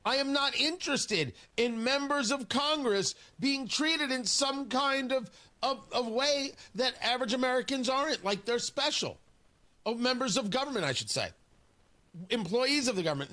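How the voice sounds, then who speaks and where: On a studio microphone, a morning talk radio host rants in an indignant, sarcastic monologue punctuated by emphatic jabs. His voice is extremely high-pitched, bright, and forceful.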